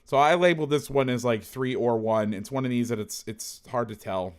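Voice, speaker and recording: A man's voice: medium pitch, fairly quick, smooth. A man who coaches football, talking casually through game film, blunt and salty, thinking aloud and correcting himself as he goes.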